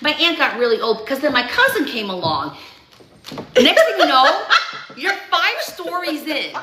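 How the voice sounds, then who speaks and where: A woman imitating a chatty woman friend who rambles excitedly through side stories. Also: sits high, moderate pace, voice pushed up. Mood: gushing. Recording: echoey room with background noise.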